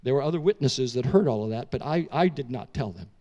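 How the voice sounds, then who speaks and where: A middle-aged male pastor preaching a sermon as a story, animated and emotional, with casual asides to the congregation. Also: mid-range voice, fast, lo-fi sound.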